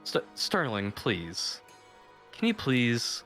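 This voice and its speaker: A man's voice: medium pitch, wildly swooping pitch, extremely slow, a bit bright, faint music behind, exaggerated voice. A man voicing a kindly female barkeep who coaxes people and calls them dear. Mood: coaxing.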